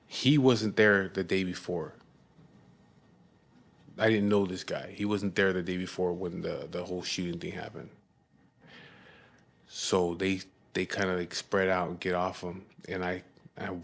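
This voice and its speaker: A man with a low voice recounts a story in a loose, casual way. He talks bluntly and swears constantly. He often stumbles and restarts his sentences mid-thought. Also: creaky. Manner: blunt and heavily profane; halting restarts and repeated words.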